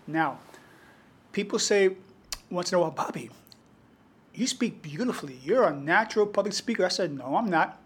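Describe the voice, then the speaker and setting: A man with a New York Bronx accent, telling stories as a guest in an interview. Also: high voice. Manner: animated anecdotal storyteller. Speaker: guest storyteller and poet. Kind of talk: conversational interview storytelling.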